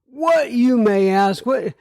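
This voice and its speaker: A man's voice: very high-pitched, expressive, takes it slowly, creaky, darkish tone, dry recording, studio quality. A man hosting a recovery podcast, talking in a chatty, rambling way with chuckles and asides. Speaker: podcast host. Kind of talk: casual podcast intro.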